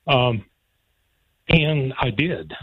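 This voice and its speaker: A man's voice: medium pitch, lively intonation, drawn-out words, husky, dry recording. A man telling a personal story from his boyhood, laughing often and getting emotional. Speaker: guest telling a life story. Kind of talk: casual storytelling. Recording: dry, phone-like line.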